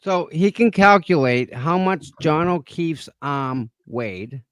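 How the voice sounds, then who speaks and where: A man's voice: on the high side, expressive, slow, clean tone, no echo. A man co-hosting a livestream, talking emphatically about trial testimony and thanking viewers for tips. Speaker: livestream co-host. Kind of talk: casual live commentary.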